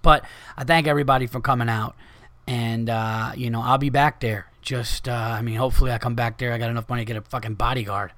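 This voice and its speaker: Animated swearing man telling a story. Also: mid-range voice, quick pace, no room sound. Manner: animated, swearing, acts out quoted people. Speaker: comedian and podcast host. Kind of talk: casual storytelling monologue.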